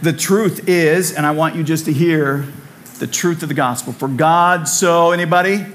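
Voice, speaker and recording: A man's voice: a little high, moderate pace. A man preaching a sermon in a church, conversational and repetitive, with humorous asides. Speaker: pastor. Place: church sanctuary.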